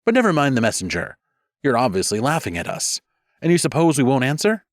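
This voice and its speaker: A man voicing a young queen who speaks with crisp, cutting precision and shoots back hard. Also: medium pitch, huge pitch swings, a little fast, no room sound, pitched above the performer's own voice. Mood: accusing. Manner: crisp, cutting, loud retorts. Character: cutting young female queen of stone nation.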